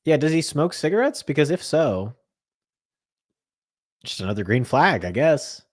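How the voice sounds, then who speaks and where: A man's voice: on the high side, very animated, measured pace, no room sound, studio quality. A man co-hosting a podcast in casual comedic chat, rambling and joking with lots of fillers. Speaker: podcast co-host.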